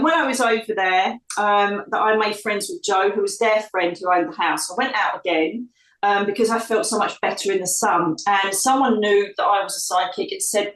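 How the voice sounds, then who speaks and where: A middle-aged woman from the UK, a psychic medium telling her life story in an interview, lively and acting out the voices of others. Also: mid-range voice. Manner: animated storyteller, acts out quoted voices. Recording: echoey room, distant from mic.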